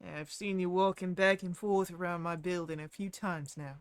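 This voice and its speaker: A woman voicing a gruff, hostile male dwarf who owns a forge, talking bluntly and with threats. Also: fairly low pitch, steady tone, moderate pace, no echo, natural voice. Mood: irritated.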